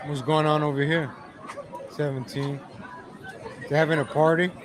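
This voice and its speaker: Exasperated ranting man, slightly high voice. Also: little pitch movement, normal speed, a crowd in the background, noisy background. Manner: exasperated, ranting, addresses viewers as ladies and gentlemen. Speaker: commentator reacting to videos. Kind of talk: ranting video commentary.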